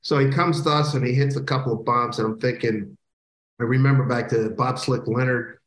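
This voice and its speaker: A middle-aged male baseball broadcaster from the Philadelphia area, telling stories in a casual interview and breaking into loud catchphrases. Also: mid-range voice, a little fast. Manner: animated storyteller who bursts into loud catchphrases. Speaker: baseball play-by-play broadcaster, guest. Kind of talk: casual podcast interview storytelling. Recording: roomy echo.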